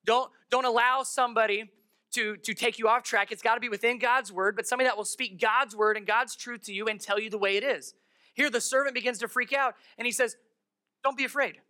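Pastor preaching a sermon, bright clear tone, emphatic delivery with acted-out characters. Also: medium pitch, fairly even intonation, a little fast. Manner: emphatic, acts out the story's characters. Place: church.

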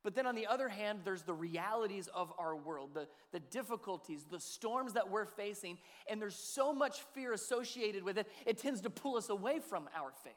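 Man, pastor, sermon, conversational, questioning listeners, high voice, long hall reverb. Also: animated, moderate pace, few pauses. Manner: conversational, asks the audience questions.

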